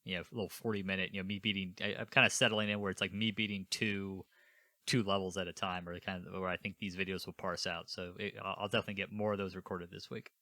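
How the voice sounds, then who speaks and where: A man's voice: low-pitched, little pitch movement, fast talker, bright, forceful tone, dry recording, studio quality. A man co-hosting a casual gaming podcast, rambling and tripping over restarts as he talks. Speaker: podcast co-host. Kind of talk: casual chat.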